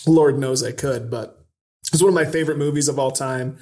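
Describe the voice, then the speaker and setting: A man's voice: mid-range voice, brisk, a little mellow. A man co-hosting a casual podcast chat, enthusiastic and rambling with lots of fillers. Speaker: podcast co-host.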